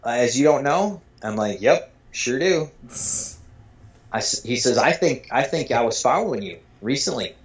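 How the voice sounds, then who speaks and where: Male storyteller from Michigan, animated, acts out dialogue, curses freely, muffled lo-fi sound. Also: medium pitch, normal speed. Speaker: storyteller guest. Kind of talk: casual anecdote telling. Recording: dull lo-fi sound.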